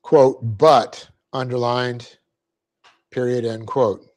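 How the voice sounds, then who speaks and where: A man teaching a Bible class, dictating the verse and its punctuation slowly and adding joking asides. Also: mid-range voice, steady tone. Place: church classroom.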